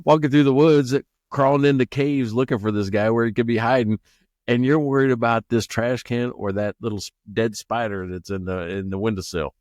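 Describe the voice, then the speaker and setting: A man's voice: mid-range voice, fairly even intonation, brisk, a little mellow, dry recording. A man co-hosting a podcast in casual chat, laughing often and stumbling over restarts as he tells stories. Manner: laughs often, stammers and restarts, acts out quoted people. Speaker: podcast co-host.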